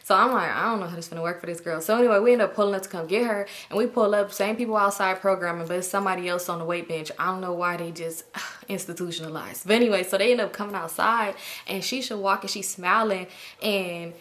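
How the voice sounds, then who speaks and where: Fast-talking young woman telling a story. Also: medium pitch. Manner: animated, laughing, slangy. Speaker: vlogger. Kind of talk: casual storytime vlog.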